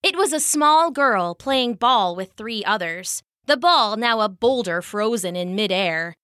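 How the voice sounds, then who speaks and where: Woman storyteller, children's story narration, animated and expressive, bright voice, dry close sound. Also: on the high side, unhurried, no room sound.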